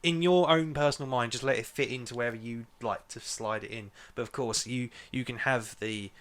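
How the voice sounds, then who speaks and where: A man's voice: medium pitch, fairly even intonation, a bit bright. Chatty podcast co-host man. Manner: chatty, quick interjections. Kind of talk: casual chat.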